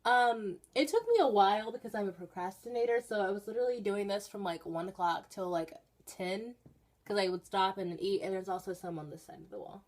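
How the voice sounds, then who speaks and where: Teen girl vlogger, chatty and rambling, mid-range voice, talks from her bedroom with sudden excited spikes. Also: mid-range voice, a little fast. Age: teenager. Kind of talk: casual storytelling vlog.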